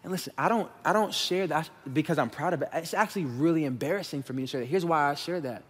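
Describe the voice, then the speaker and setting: Pastor guy in his 30s, kinda high voice, chatty honest sermon, big echoey church hall. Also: quick pace, slightly rough. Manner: conversational and candid, addressing the congregation as y'all. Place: church sanctuary. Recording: long reverb of a large hall.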